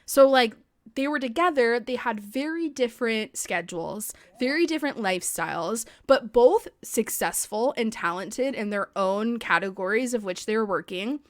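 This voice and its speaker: A young adult woman hosting a podcast chats away casually, cursing freely and saying "like" a lot into a podcast mic. Her voice is a little high and expressive, moving at a normal speed, with no room sound.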